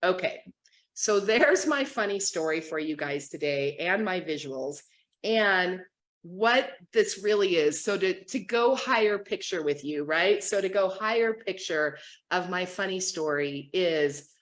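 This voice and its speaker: A woman's voice: on the low side, measured pace. A woman in her fifties from the United States, a coach telling a funny story on a livestream with giggles, a lot of "like" and "right?". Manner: giggly and animated, lots of "like" and "right?".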